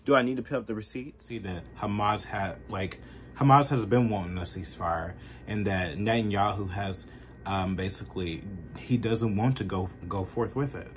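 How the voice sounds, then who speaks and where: A man's voice: on the low side, normal speed, a little hiss or hum. A man ranting through political commentary in a heated, profane way, filling his talk with "like". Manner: profane, heated, lots of fillers.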